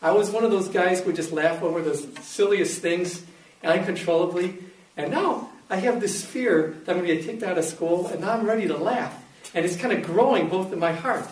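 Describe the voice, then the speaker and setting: A man's voice: high voice, fairly quick, echoey room, recorded from a distance, low-quality recording. A man telling a personal story, acting out the voices of the people in it. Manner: animated storyteller, acts out quotes. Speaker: speaker giving a faith testimony. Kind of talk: storytelling talk.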